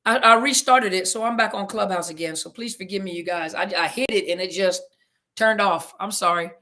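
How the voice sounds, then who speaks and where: Bright-voiced flustered woman hosting live. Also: medium pitch, brisk. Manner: apologetic, flustered, Southern-flavored casual speech. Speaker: therapist hosting a live audio room. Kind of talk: casual live-stream chat, reading comments.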